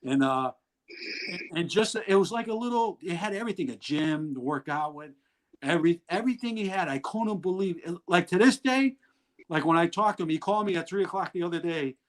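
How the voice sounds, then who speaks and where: A man's voice: high-pitched, lively intonation, brisk, poor audio. Blunt, rambling middle-aged man. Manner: rambling, blunt, laughs through his stories. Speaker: guest. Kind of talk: candid storytelling in an interview.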